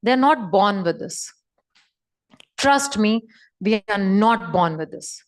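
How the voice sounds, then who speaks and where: A woman's voice: mid-range voice, lively intonation, takes it slowly. A woman giving an emphatic, repetitive motivational talk over a video call. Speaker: motivational speaker.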